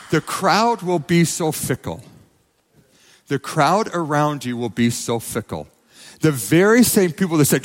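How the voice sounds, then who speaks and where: A man's voice: high-pitched, very animated, moderate pace, fairly bright tone. A man preaching a sermon as pastor, emphatic and repeating his phrases. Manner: emphatic, repeats phrases, quotes people in acted voices. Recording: long reverb of a church hall.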